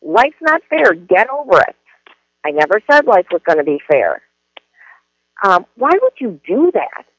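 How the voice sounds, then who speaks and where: A stern, authoritarian teacher who scolds in short, dismissive bursts, as a man demonstrates it. The voice sits fairly high and the sound is dull and lo-fi. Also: very animated, measured pace, pauses often, a bit bright, heavily acted. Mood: scolding.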